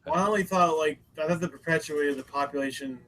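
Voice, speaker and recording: A man's voice: on the high side, quick pace, fairly bright tone, low-quality recording. Man in loose podcast chatter. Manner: loose, profane, lots of fillers. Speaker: podcast co-host. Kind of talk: casual chat.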